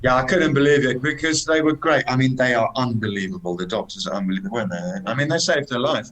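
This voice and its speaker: Guest man, mid-range pitch, animated casual storyteller who leans on "man". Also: quick pace, poor audio. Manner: animated anecdotes, says "man" often. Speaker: guest, motorcycle traveller.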